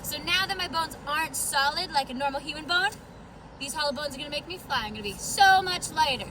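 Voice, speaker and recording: A woman with a very high, piping voice acts out a goofy skit for a children's lesson. She talks in an excitable, theatrical way. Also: fast talker, background noise. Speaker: educator playing a would-be bird. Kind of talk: playful kids' lesson skit.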